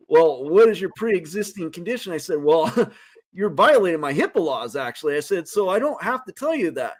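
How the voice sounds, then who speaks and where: A man telling a funny story on a talk show, animated and laughing often as he goes. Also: fairly high pitch. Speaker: guest.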